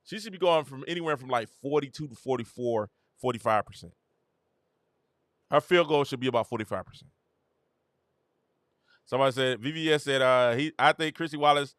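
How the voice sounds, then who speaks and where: A man hosts a casual sports commentary stream, rambling through his points in a slangy, animated way and circling back to repeat himself. His voice sits in the middle range. The sound is dry and close. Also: medium pitch, brisk, pauses often, no room sound. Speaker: host.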